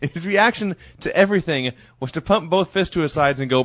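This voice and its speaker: A man's voice: high voice, expressive, fairly quick, muffled recording. A man co-hosting a casual wrestling review podcast, wry and blunt, laughing often. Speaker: podcast co-host.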